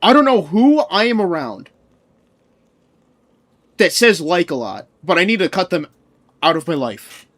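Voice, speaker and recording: A man's voice: sits high, big pitch swings, measured pace, pauses often, fairly bright tone. A young man streaming, chatting casually with his viewers, answering chat and ranting with frequent laughter and swearing.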